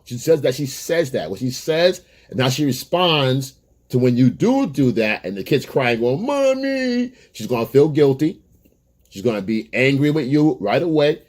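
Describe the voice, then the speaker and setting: A man's voice: mid-range voice, a little mellow, breathy edge. Man, dating coach, advice monologue to camera, blunt, emphatic, repeats himself.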